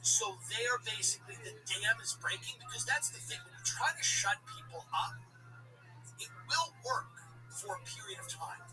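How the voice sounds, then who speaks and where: Comedian host, sardonic and rambling, recorded off-mic with music playing underneath. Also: male voice, sits high, lively intonation, moderate pace, far from the mic, rough recording. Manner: sardonic, digressive, many asides.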